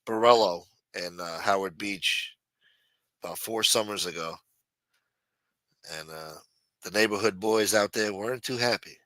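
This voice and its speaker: A man's voice: lowish voice, unhurried, pauses often, pushed and bright, dry recording, rough recording. A man hosting a late-night live stream in a loose, profane, teasing way, reading and answering viewer chat. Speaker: live show host.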